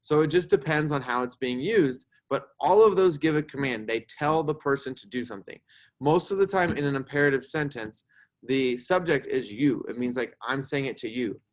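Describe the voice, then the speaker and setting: Young man, teacher, patient grammar explainer, mid-pitched voice, keeps checking in. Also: moderate pace. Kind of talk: classroom grammar lesson.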